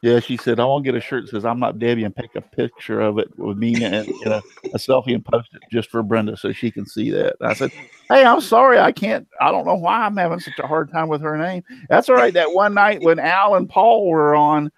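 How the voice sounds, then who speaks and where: A man's voice: medium pitch, steady tone, brisk, vocal fry, few pauses, no room sound, low-quality recording. A man hosting a casual livestream chat, telling jokey stories and laughing often over a video call. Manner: joking storyteller, laughs often. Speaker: host.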